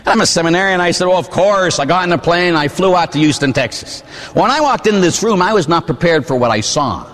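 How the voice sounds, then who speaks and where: A man's voice: fairly high pitch, fast. Priest in his 40s giving a sermon, voice bouncing all over, big church echo. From Pittsburgh, USA. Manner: animated storytelling with asides to the congregation. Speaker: Catholic priest.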